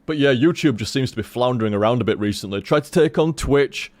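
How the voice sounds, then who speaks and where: Rambling man with a lively pitch. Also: quick pace. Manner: rambling, swears casually, stumbles and restarts. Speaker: game streamer. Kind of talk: casual stream chat.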